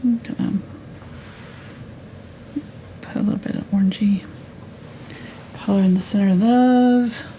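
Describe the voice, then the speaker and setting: A woman leading a live painting tutorial, talking through each step in a soft, half-whispered, casual way. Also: medium pitch, steady tone, a little slow, pauses often, slight background noise. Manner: casual, chatty asides. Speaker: painting instructor.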